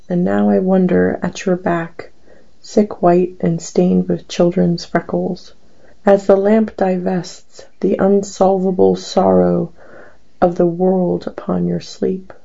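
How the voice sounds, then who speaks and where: A woman reads her poems aloud in a low, gravelly voice, taking each line slowly and deliberately. Her tone is dark and mellow, and the recording sounds dull and lo-fi. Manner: slow, deliberate, dramatic delivery. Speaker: poet. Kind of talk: poetry reading.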